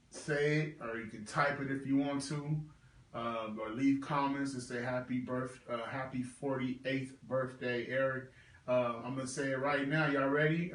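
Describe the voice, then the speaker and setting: Man in his thirties, halting livestream talk. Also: mid-range voice, reverberant, recorded from a distance, rough recording. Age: 30s. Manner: halting, many fillers, heartfelt. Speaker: livestream host. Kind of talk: casual livestream tribute.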